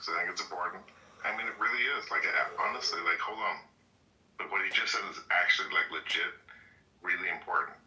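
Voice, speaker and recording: A man's voice: low voice, steady tone, fast talker, sharp tone. A man from Canada who rambles in a casual group voice chat, full of filler words. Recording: echoey, distant voice chat.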